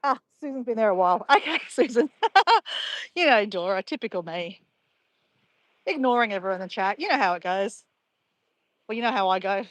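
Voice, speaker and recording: A woman's voice: mid-range voice, expressive, moderate pace, long pauses, no echo. A woman, chatting casually and playfully with live viewers in a bubbly, laughing way.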